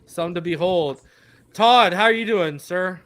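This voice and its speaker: Hyped high-voiced man hosting. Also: a bit bright. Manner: hyped, fast-talking, crowing. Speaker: host of a live post-game stream. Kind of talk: live sports fan show chat.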